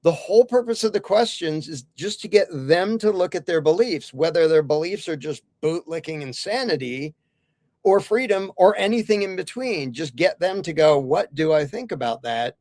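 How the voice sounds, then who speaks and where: A man's voice: fairly high pitch, expressive, moderate pace, a little mellow, no room sound. A man talking as a podcast guest and author, earnestly explaining his ideas through hypothetical questions in a casual interview.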